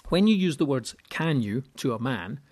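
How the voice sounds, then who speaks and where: A man's voice: medium pitch, fairly quick. Man explaining on a solo podcast. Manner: explanatory, repeats words while thinking, animated when quoting people. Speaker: podcast host and seminar speaker.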